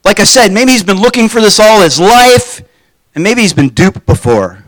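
High, lively-voiced man preaching. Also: moderate pace, no room sound. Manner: informal, poses rhetorical questions, acts out quoted voices. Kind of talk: conversational sermon.

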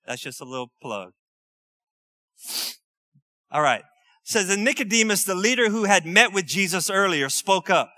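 A man preaching at a midweek service. His voice sits high and sounds bright and forceful. He talks loosely and conversationally, slipping in asides and quick laughs between scripture readings. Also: animated. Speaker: pastor. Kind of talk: sermon.

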